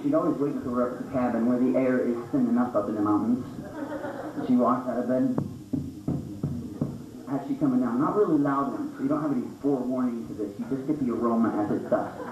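A man doing a stand-up comedy set on a small club stage, jumping into high squeaky voices for the characters in his stories. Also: fairly quick, pauses often. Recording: roomy, distant, dull club recording with noise.

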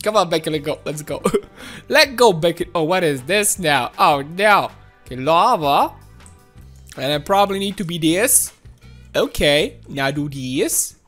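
A woman hosting a gaming channel, giving excitable, playful let's-play commentary with frequent laughs and shouts. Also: sits low, a little slow, soft background music.

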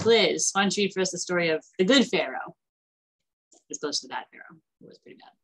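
A woman teaching an online class in a chatty, animated way, acting out the characters as she retells stories. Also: lowish voice, fast talker, a little hiss or hum, low-quality recording.

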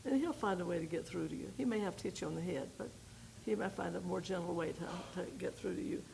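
An older woman, a missionary, giving a folksy personal testimony to a women's group, telling her story with pauses and repeated starts. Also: lowish voice, gravelly, a little mellow, a little hiss or hum, rough recording. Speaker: missionary speaker.

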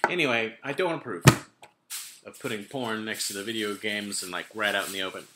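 A man's voice: lowish voice, fairly quick, echoey room, very noisy. A man in his thirties rambling casually at his laptop camera at home, making self-deprecating asides. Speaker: vlogger. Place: home room with kitchen items.

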